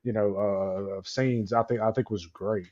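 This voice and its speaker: A man's voice: fairly low pitch, fairly even intonation, normal speed, darkish tone, muffled recording. A man co-hosting a movie podcast in easygoing casual chat, trailing off into fillers. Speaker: podcast co-host.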